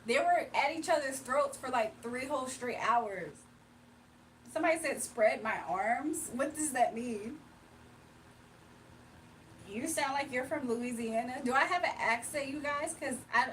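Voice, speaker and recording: High-pitched woman from virginia chatting on her stream, a bit far from the mic, faint background hum. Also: normal speed, fairly bright tone. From Virginia, USA. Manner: chatty, laughs often, reads chat aloud. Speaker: livestream host. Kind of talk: casual livestream chat reading comments.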